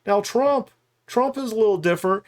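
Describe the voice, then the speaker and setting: A middle-aged man talks straight to his camera in a loose, candid way. His voice sits a little high for a man, and he often restarts his sentences and chuckles as he goes. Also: moderate pace, a little mellow. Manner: rambling and candid, with frequent restarts and laughs. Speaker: YouTube commentator. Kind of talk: unscripted talking-head commentary.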